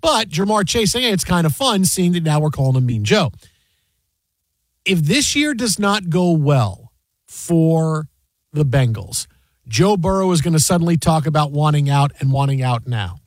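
Man, sports radio host, high voice, dry close mic, animated casual storytelling. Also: moderate pace, no room sound. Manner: animated storyteller, loud sing-song impressions.

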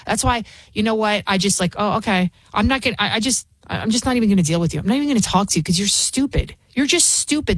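A woman's voice: mid-range voice, no room sound. Combative woman talk radio host. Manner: combative, ranting, scornful.

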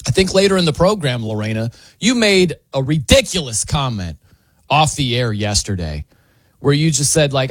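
A man's voice: medium pitch, very animated, moderate pace, no echo. A man hosting a sports talk radio show, bantering and teasing his co-hosts with energy and frequent laughs.

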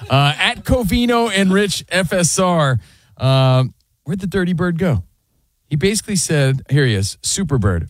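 Guy cohosting sports talk, animated and argumentative, kinda high voice, dry close mic. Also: normal speed, no room sound. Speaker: sports talk show co-host. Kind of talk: casual sports radio banter. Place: radio studio.

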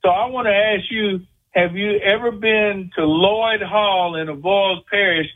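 A man from Louisiana with a Louisiana accent, calling in to a talk show. His voice sits high and comes through a thin, tinny phone line. He talks in a folksy, rambling way. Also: steady tone, unhurried. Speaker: caller. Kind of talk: call-in radio chat.

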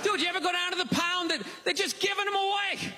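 A man doing a stand-up comedy bit, loud and sarcastic, ranting as he works the crowd. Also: very high-pitched, fairly even intonation, fast, noisy background.

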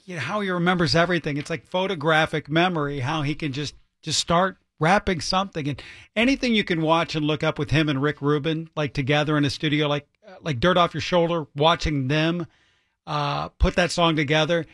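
A man's voice: fairly high pitch, steady tone, brisk, a bit bright, no room sound. Chatty male radio co-host, dry studio sound. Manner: chatty, rambling with restarts. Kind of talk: casual on-air banter. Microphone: studio microphone.

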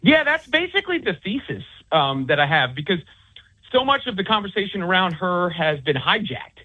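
A man's voice: high-pitched, big pitch swings, normal speed, slightly rough. A man who writes about sports, speaking as a guest on a call-in interview, rambling with many restarts and fillers. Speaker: author and sports commentator. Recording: tinny phone line.

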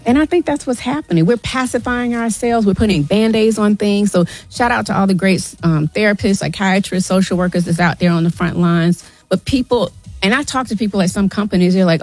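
A woman's voice: medium pitch, fairly quick, few pauses, darkish tone, no room sound, faint music behind. A middle-aged woman guest on a radio show, speaking with earnest urgency and often saying "y'all". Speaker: guest, nonprofit founder. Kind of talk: emotional radio interview.

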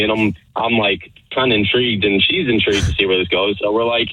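A man calling in to a radio show, telling an amused story in a casual, lively way. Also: fairly low pitch, quick pace, no echo. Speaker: caller. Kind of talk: casual phone call. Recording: muffled phone line.

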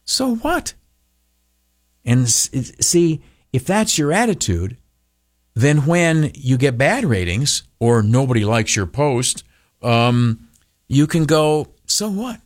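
Animated radio man with lively pitch. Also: slow pace, no room sound, clean studio sound. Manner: animated, breaks into mocking high voices, many filler uhs. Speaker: radio broadcaster. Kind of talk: motivational talk.

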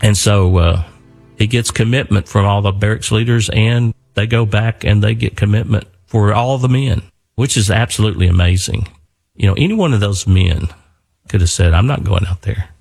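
An older man earnestly telling his father's war story, reflective and pausing often. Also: fairly low pitch, creaky, a little mellow, soft background music. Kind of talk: spoken storytelling.

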